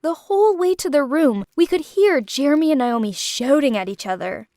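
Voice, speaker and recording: Young woman narrating a storytime, high voice, swoopy and dramatic, dry close sound. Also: moderate pace, hardly any pauses, dry recording. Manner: animated, dramatic. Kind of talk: first-person storytime narration.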